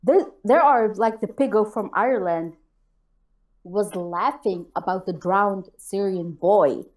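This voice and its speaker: A woman's voice: medium pitch, unhurried. Profane ranting woman on a chat show. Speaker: co-host of a call-in chat show. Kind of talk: heated casual chat.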